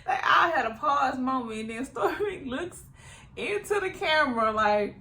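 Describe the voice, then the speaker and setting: A woman recapping a reality show episode in a casual vlog, chatty and quick to laugh, often imitating the cast as she retells scenes. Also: high voice, animated, bright, forceful tone. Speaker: YouTube reality TV reviewer.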